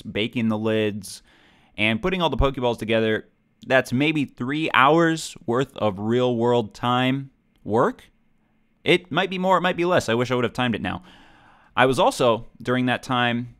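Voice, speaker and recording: A man's voice: mid-range voice, a bit bright. Chatty young man narrating his gameplay. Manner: chatty, rambling, self-deprecating. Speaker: gaming channel host. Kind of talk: video game commentary.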